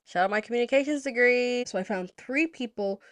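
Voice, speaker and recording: A young woman from Zimbabwe hosting a podcast, telling a story in a casual, animated way and moving into political commentary, with lots of "like" and some swearing. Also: on the high side, fairly quick. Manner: animated, chatty, heavy use of "like", swears freely. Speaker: podcast host.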